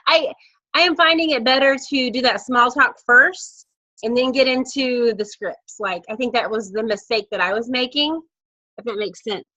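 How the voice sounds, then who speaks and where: A woman's voice: on the high side, no room sound, highs cut off. A woman leading her sales team on a video call, chatty and candid, telling stories as she coaches. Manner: chatty, candid, lively storytelling. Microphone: laptop video call mic.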